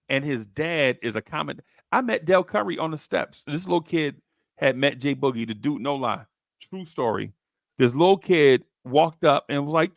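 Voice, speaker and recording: A man hosting a basketball podcast, telling stories in slangy, excitable chat and jumping into high voices when he quotes people. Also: no echo, clean studio sound. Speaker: podcast host. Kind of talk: animated storytelling chat.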